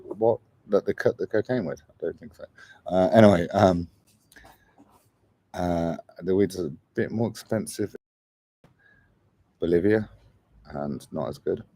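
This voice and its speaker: A man's voice: sits low, a little hiss or hum. A man in his forties, a travel vlogger chatting casually on a livestream, rambling and calling his viewers mate. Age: 40s. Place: traveling in Argentina.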